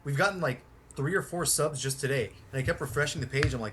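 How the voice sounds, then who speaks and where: A man's voice: medium pitch, quick pace, fairly bright tone, a little hiss or hum. Rambling, profane male podcast host. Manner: rambling, profane, heavy on fillers. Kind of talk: casual podcast chat.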